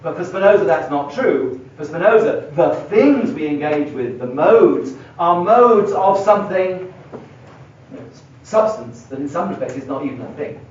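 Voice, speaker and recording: A somewhat high, darkish male voice with lively intonation moves at normal speed through a university philosophy lecture. The middle-aged speaker thinks aloud and stresses key words as he writes on a board, and the echoey hall and distant mic leave the audio dull, lo-fi and faintly hissy.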